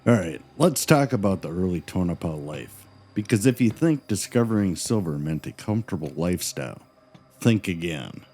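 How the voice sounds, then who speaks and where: A man's voice: deep voice, lively intonation, normal speed, breathy edge. A man co-hosting a podcast, cracking goofy jokes and wisecracks during the story. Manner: goofy, wisecracking, with loud joke yells. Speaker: podcast co-host. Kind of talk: scripted podcast banter.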